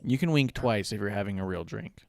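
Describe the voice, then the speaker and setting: A man's voice: on the low side, expressive, brisk, vocal fry, crowd noise. A man hosting a comedy podcast, teasing his co-hosts in a playful, joking way. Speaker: podcast host. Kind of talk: casual comedic podcast banter.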